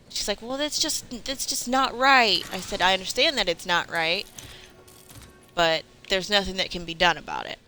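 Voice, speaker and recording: A woman's voice: lowish voice, pushed and bright, slight background noise, low-quality recording. A woman gaming streamer telling a story casually while she plays, with lots of fillers, breaking off now and then to react to the game. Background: game music.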